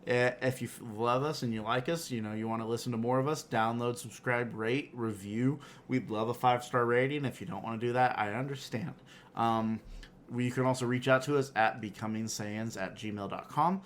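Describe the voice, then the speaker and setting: A man's voice: medium pitch, brisk, slight background noise. Laid-back man co-hosting a podcast. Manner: laid-back, agreeable, leads the segments. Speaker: podcast co-host. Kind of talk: casual podcast chat.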